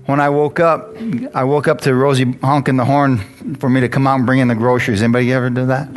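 A man's voice: mid-range voice, fast. A man preaching a sermon in a church, telling his own story and calling out questions to the congregation. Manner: animated, calls out to the congregation. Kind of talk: sermon with personal testimony. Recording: guitar music playing behind the voice. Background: guitar music.

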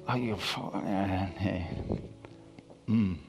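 Man preaching an animated sermon. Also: mid-range voice, normal speed, over music. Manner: call-and-response preaching with frequent asides; animated, swings between loud emphasis and soft asides. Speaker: pastor.

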